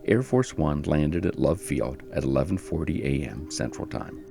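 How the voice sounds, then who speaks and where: Very deep, gravelly male narrator. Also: animated, over music. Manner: measured, solemn storytelling. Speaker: podcast host and narrator. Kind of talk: scripted history narration.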